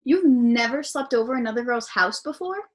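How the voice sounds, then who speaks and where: Friendly sleepover girl, played by a young woman, gently teasing, school skit, lively delivery. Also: fairly high pitch, normal speed. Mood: gentle. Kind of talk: student skit acting.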